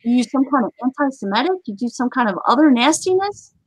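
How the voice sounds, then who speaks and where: A woman's voice: a little high, quick pace, no room sound, poor audio. Chatty woman hosting a live stream. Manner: chatty, laughs often, stern warnings. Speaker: livestream show host. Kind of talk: casual live-stream chat.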